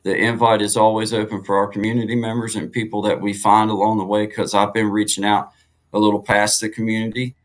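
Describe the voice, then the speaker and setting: A man co-hosting a casual live stream, rambling and giving shout-outs to viewers. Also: fairly low pitch, flat delivery, fairly quick, low-quality recording. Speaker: co-host of a live music and talk stream.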